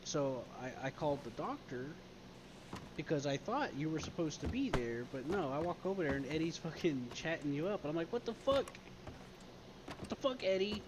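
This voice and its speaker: A man chatting casually, recounting a game scene in an animated way, swearing often and acting out quoted lines. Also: on the high side, fairly quick, background noise. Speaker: streamer in role-play game.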